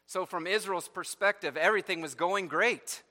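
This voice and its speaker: Bright-voiced male preacher in a reverberant hall. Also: high-pitched, normal speed. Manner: expository preaching, reads scripture aloud, asks rhetorical questions. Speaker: pastor. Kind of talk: sermon.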